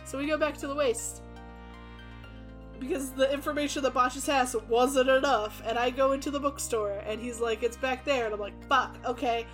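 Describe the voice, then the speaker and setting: Young woman, high voice, profane giggly game recap, light music bed. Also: steady tone, normal speed. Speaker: player recapping a tabletop game. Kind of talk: casual chat.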